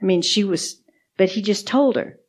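A woman's voice: medium pitch, normal speed, darkish tone, breathy edge. A woman co-hosting a podcast, sharing faith testimonies in casual chat, earnest and repeating words for emphasis. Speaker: podcast co-host.

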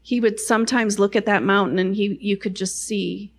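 A woman's voice: medium pitch, steady tone, moderate pace. A middle-aged woman sharing a personal faith testimony in a chatty, self-deprecating way, full of "you know" asides.

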